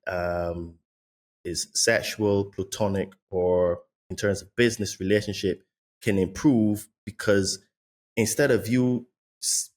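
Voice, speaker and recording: A man hosting a podcast, rambling and restarting as he asks questions, slowing on key words, and reading show plugs. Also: lowish voice, a little mellow. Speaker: podcast host. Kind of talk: conversational interview, reads show plugs.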